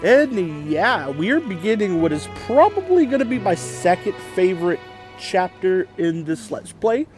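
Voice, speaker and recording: Chatty let's-play host, higher voice. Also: male voice, sing-song, a little slow, a little mellow, faint music behind. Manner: chatty, enthusiastic, rambling. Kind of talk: casual gameplay commentary.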